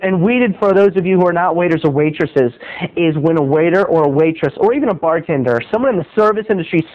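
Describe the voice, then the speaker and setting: A man with a high-pitched voice tells a comic story in an animated, dramatic, self-mocking way. He plays up his own frustration for laughs. The recording is dull and lo-fi. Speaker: video blogger.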